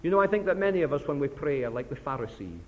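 A man delivering a sermon with real fire, his voice leaping up and dropping low to press each point home. It rings out with a long reverb from a large hall, and he often falls to a hushed aside after a loud burst. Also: expressive, rapid-fire, narrow, tinny audio. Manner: impassioned, swings from loud emphasis to hushed. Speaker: preacher. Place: church assembly hall.

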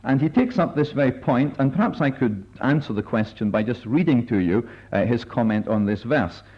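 A man preaches to a study meeting in a measured, careful way, his talk full of small hesitations. His voice sits at an ordinary pitch. The recording is dull and lo-fi. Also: lively intonation, breathy edge. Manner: deliberate and careful, many filler pauses. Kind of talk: measured sermon-style talk with readings.

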